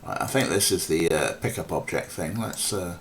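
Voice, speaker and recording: A man's voice: sits low, moderate pace, a bit bright, slight background noise. A man casually commentating a game stream, rambling and mocking, with lots of ums and swearing. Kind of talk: casual let's play commentary.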